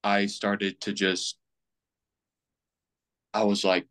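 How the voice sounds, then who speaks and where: A man's voice: fairly low pitch, completely flat delivery, extremely slow, fairly bright tone. A young man in his twenties, a podcast guest rambling casually with plenty of fillers and restarts. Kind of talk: casual chat.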